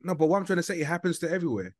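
A man's voice: a little high, lively intonation, rapid-fire, no echo, studio quality. A man from Britain on a podcast panel, arguing his point hesitantly with many restarts. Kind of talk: casual chat.

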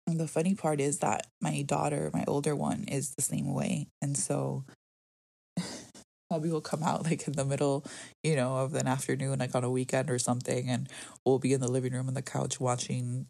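A low, husky-voiced woman talks in a relaxed, rambling way as she co-hosts a podcast about motherhood. Her voice has a gravelly edge. It is recorded close and dry, with no room sound. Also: moderate pace, dry recording. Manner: chatty, rambling, heavy on "like" and "you know". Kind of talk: casual chat.

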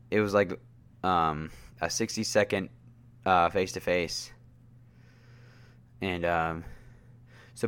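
A man with a low voice hosts a casual wrestling podcast, speaking at a slow, unhurried pace. He rambles through his recap with plenty of fillers and restarts. When he gets worked up, his voice jumps up high. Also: fairly bright tone. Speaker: podcast host.

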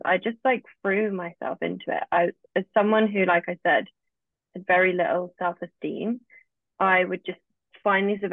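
A woman's voice: fairly low pitch, no room sound. A woman, a guest telling her own story casually and often acting out what she said back then. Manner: chatty, often acts out her own past remarks. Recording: dry, tinny phone-like line.

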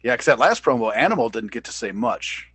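A man co-hosting a casual podcast chat, animated and playful. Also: mid-range voice, a little fast, slightly rough, no room sound. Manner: animated, mocking impressions in bursts. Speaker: podcast co-host. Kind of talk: casual wrestling review chat.

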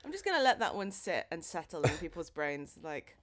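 A woman's voice: on the low side, big pitch swings, a little fast. A young adult woman from England co-hosting a podcast in casual, rambling chat full of fillers. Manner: chatty, rambling with many fillers. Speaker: podcast co-host.

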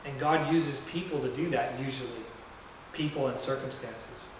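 Over a noisy background, a man with a mid-range voice preaches at normal speed in a church sanctuary, heard distantly in a very echoey room. The pastor's storytelling is loose, rambling, and conversational.

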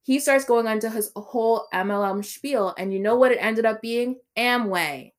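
Young woman, podcast co-host, casual and animated storyteller, salty language. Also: on the high side, normal speed. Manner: animated storytelling with swearing and laughter. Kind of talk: casual chat.

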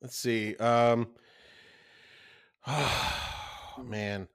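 A man's voice: medium pitch, drawn-out words, clear, resonant tone, dry recording. A middle-aged man co-hosting a podcast, telling stories in casual chat and swearing freely. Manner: animated storytelling, swears often. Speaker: podcast co-host.

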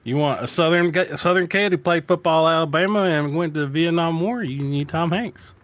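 A man's voice: fairly high pitch, fairly quick, a bit bright, no room sound. A man co-hosting a casual sports talk show, joking and riffing in long comic lists. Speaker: podcast co-host.

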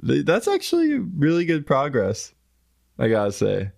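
Male podcast co-host, teasing and laughing, lively pitch, dry close mic. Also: moderate pace, creaky, no echo. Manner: teasing, laughs often, swings pitch a lot. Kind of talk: casual chat.

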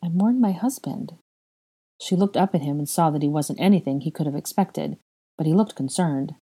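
A woman narrating a fan fiction story aloud in an even, measured way. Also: low voice, breathy edge. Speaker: audiobook reader.

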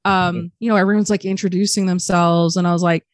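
A woman's voice: on the low side, level tone, moderate pace, hardly any pauses, no echo, studio quality. Candid, swearing woman telling a story. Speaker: podcast guest. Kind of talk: casual interview chat.

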